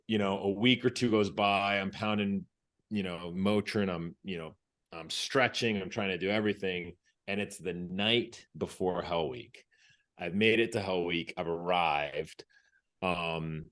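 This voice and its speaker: A low-pitched man from the United States speaks as a podcast guest and recounts his training days in a loose, conversational way. He acts out what others said to him and often doubles back mid-phrase before pressing on. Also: a bit bright. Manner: vivid storyteller who acts out quotes and restarts phrases. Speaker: podcast guest, former Navy SEAL. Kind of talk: casual storytelling in an interview.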